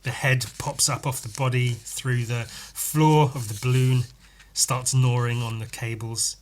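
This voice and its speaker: A man's voice: mid-range voice, flat delivery, a little slow, slight background noise. A man hosting a podcast, chatting casually as he reads through a comic aloud, enthusiastic and sweary, laughing often. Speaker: podcast host.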